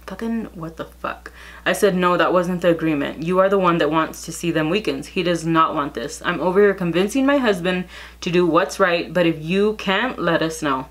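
A woman's voice: lowish voice, a little fast. A young woman telling a gossip story in a casual vlog, reading out text messages in a blunt, profane way.

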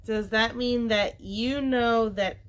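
A woman reading aloud and voicing a kind, calm grandfather in a children's book. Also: fairly high pitch. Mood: kindly. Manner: gentle, unhurried.

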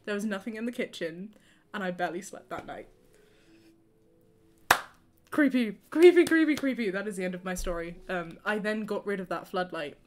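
Animated woman telling a story. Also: lowish voice, fast, slight background noise. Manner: animated storyteller, laughs often. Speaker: gaming streamer co-host. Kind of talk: casual chat while playing.

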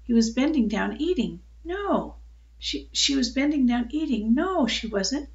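An older woman reading a children's book aloud, telling it in a calm, unhurried way with small slips. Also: on the high side, highs cut off. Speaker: storyteller.

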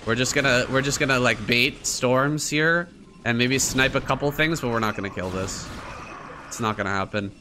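A man giving casual commentary over his own strategy game match, excitable and crude, swearing and mocking his opponent with frequent laughter. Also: medium pitch, moderate pace, background noise. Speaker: gaming streamer.

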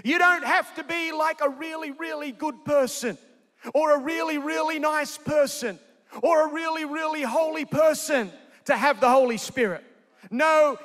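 A man preaching a sermon live in a large convention centre, energetic and jokey, calling out to the crowd. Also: extremely high pitch. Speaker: pastor. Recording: echoey convention hall.

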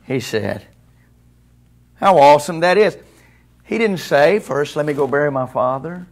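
A man's voice: fairly high pitch, lively intonation, moderate pace, pauses often. A man preaching a sermon in a church, in a conversational way that keeps asking the congregation questions. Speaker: pastor. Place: church sanctuary.

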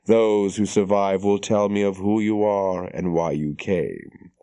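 A man voicing a cold, menacing noble lord who speaks softly, calmly and with a slur, in an audiobook reading. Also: low-pitched, measured pace, clean tone. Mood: coldly calm. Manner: soft, slurring, calm delivery.

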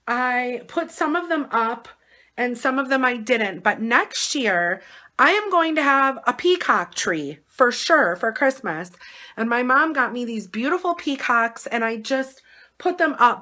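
A hoarse, short-of-breath woman with an Upper Midwest American accent, chatting casually in a home vlog with lots of fillers. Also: on the high side, pushed and bright. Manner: rambling, chatty, many fillers. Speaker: vlogger. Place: at home indoors.

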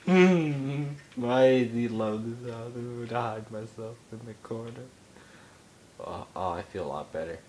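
A young man giving excitable let's play commentary, yelping and mock-outraged as he explores. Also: mid-range voice, unhurried, a little hiss or hum. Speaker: gamer.

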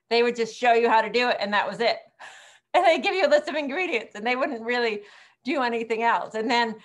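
A woman's voice: medium pitch, fairly bright tone. A middle-aged woman teaching an online cooking class in a chatty, rambling way, with frequent ums and laughs.

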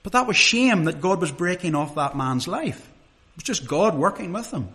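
A middle-aged man preaches, his voice sitting a touch higher than most men's. He talks to the congregation in a plain, conversational way, earnest and direct, and often puts rhetorical questions to them. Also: expressive, normal speed, a bit bright. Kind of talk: sermon.

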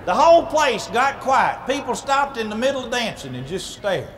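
A man, a humorist minister telling an animated, playful comic story at a live speaking event. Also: very high-pitched, moderate pace, noisy background. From Southern United States. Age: 40s.

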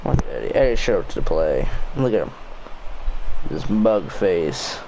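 A young man grumbles through his own baseball gameplay, swearing and scolding himself. His low voice is gravelly with fry and swings widely in pitch. He talks slowly, in drawn-out complaints. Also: big pitch swings, noisy background. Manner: frustrated, swears a lot, mutters to himself. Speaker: gaming YouTuber. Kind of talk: casual gameplay commentary.

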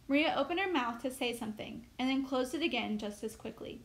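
A woman teacher reads a chapter of a novel aloud with steady, measured storytelling. Her voice is high. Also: rough recording.

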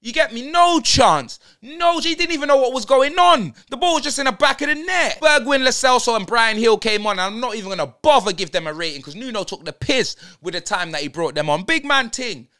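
Young man, fan-channel host; exasperated slang rant, high and animated. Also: brisk, few pauses. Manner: slang-heavy, exasperated ranting. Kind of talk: fan player-ratings rant.

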